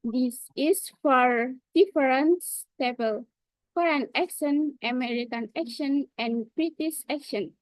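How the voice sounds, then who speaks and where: A woman student presenting a class talk on accents, reading slowly and carefully. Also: high-pitched, no room sound, poor audio.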